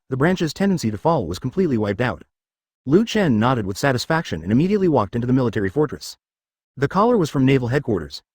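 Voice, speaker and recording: A computer-generated male voice narrating an audio story, quick and lively in pitch. The reading is even and mechanical, with occasional odd misreadings, and the sound is dry and close. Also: no echo.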